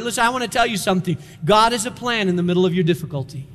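A male pastor preaching an animated sermon, acting out quotes with emphasis. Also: sits high, quick pace, hardly any pauses, big-room sound.

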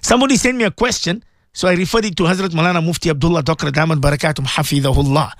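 A man's voice: on the high side, rapid-fire, a bit bright, dry recording, clean studio sound. A middle-aged man presenting religious advice on radio, pleading and repeating himself for emphasis.

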